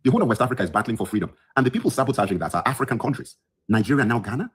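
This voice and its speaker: A man's voice: mid-range voice, animated, racing, breathy edge. A man hosting a podcast, ranting heatedly into his phone from his bedroom, just woken up, indignant and emphatic and repeating lines for effect. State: just woke up. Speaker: podcast host. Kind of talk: heated solo livestream rant.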